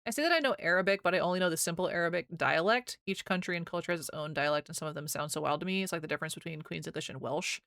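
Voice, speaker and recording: Bright-voiced American woman chatting with her stream chat. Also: on the low side, very fast, hardly any pauses, no echo, clean studio sound. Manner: chatty, rambling, laughs often, reads chat aloud. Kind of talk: casual chat with viewers.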